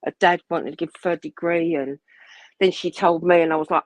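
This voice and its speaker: A woman's voice: on the low side, steady tone, quick pace, no echo, poor audio. A woman telling a family story in casual chat, rambling and acting out what people said. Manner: rambling, restarts often, acts out quoted dialogue. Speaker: guest telling a personal story.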